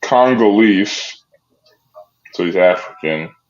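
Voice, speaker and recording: A man's voice: low voice, slow, roomy sound, highs cut off. A man co-hosting a casual sports podcast, laid-back and laughing along with the argument. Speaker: podcast co-host.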